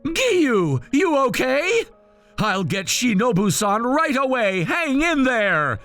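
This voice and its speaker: A man's voice: on the high side, sing-song, slow, fairly bright tone, soft background music, exaggerated voice. A man voicing an earnest young male swordsman who calls out urgently. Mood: distraught.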